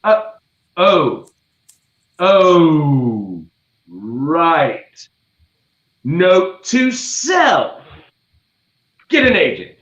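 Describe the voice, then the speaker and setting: A man hosting a comedic news segment, setting up punchlines dryly and deliberately. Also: on the high side, very animated, fairly bright tone. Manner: dry, deliberate punchline delivery. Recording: roomy, dull recording.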